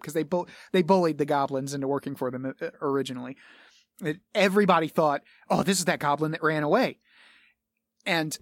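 A man's voice: fairly high pitch, fairly quick, no room sound, studio quality. A man hosting a podcast, talking casually and rambling, with frequent laughs and casual swearing. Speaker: podcast host.

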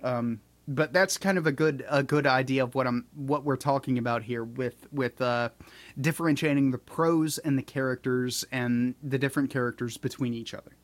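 A man's voice: mid-range voice, moderate pace, no echo. Rambling man on a dry close mic. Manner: rambling, filler-heavy, restarts often. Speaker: podcast co-host. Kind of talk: casual chat.

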